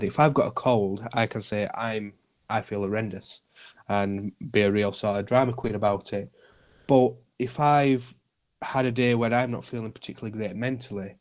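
A man, a podcast guest speaking earnestly and reassuringly about looking after each other. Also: medium pitch. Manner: earnest, reassuring, repeats himself. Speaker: guest, community group founder. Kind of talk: podcast interview.

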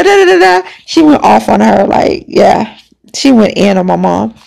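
A woman's voice: mid-range voice, creaky, mellow. A woman hosting a podcast, telling a personal story in a casual, emphatic, conversational way. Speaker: podcast host.

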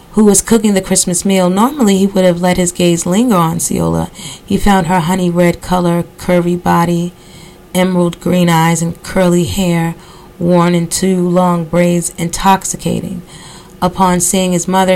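A woman reads a dark novel aloud for her podcast, keeping a steady pace. Her voice sits low and carries a gravelly rasp, and she stops now and then for relaxed asides. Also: poor audio. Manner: steady reading with casual asides. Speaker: podcast host reading a novel. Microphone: computer recording software.

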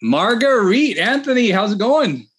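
An energetic male host with a fairly high voice, chatting casually on a podcast. He talks in a lively, friendly way, laughs often and coaches his listeners on real estate. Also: measured pace, faint music behind. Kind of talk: casual chat.

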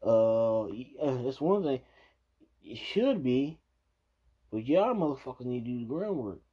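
Swearing as he reacts to news clips, this man rants angrily in profane commentary captured on a dull lo-fi recording. His mid-range voice is sing-song and slightly rough, and he speaks a little slowly.

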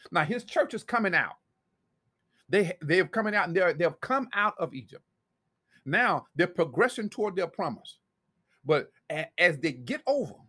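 A male preacher with a gravelly, somewhat high voice that swings widely in pitch as he preaches. He reads scripture passages aloud between his own points. He often repeats and restarts words mid-phrase. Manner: animated preaching with many restarts and scripture reading. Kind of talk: sermon.

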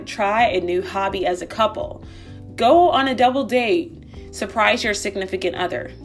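A woman hosting a podcast who gives relationship advice in a chatty, bubbly way, full of asides. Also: mid-range voice. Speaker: podcast host. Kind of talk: casual relationship advice chat.

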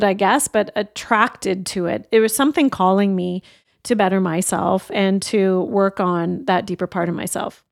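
Middle-aged woman, motivational podcast host, earnest storyteller, medium pitch, dry booth sound. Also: gravelly, dry recording. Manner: earnest and openhearted, shares personal stories. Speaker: life coach and podcast host. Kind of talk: reflective motivational talk.

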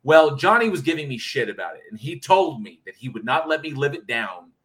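A man's voice: mid-range voice, very animated, brisk, fairly bright tone. A man co-hosting a podcast in casual chat, telling rambling stories and laughing often. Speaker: podcast co-host.

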